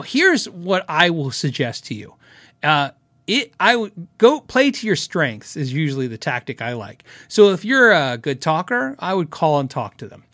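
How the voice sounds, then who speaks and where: A man's voice: fairly high pitch, fairly bright tone, no echo, clean studio sound. A middle-aged man hosting a casual live show, chatting and giggling as he rambles through stories and viewer questions. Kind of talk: casual live-stream chat.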